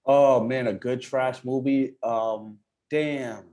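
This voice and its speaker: Laid-back slangy rapper guest. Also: male voice, medium pitch, fairly even intonation, slow pace, warm tone. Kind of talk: casual chat.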